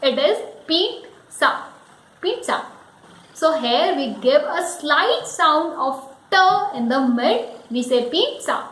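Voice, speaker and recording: A woman teaching pronunciation, slowly repeating each word several times. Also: high-pitched, expressive, a bit bright, echoey room, rough recording. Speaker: English teacher. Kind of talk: pronunciation lesson.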